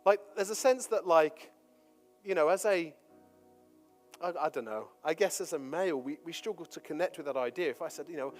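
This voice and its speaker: High-voiced preacher in a reverberant hall. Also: male voice, lively intonation, fairly quick, soft background music. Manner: swings from forceful declaiming of scripture to soft, chatty asides. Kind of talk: sermon. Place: church hall.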